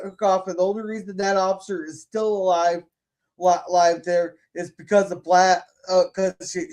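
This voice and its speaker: A man hosting a casual podcast, talking bluntly with lots of swearing and stumbling restarts. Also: high voice. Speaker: podcast host. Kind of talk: casual opinionated chat.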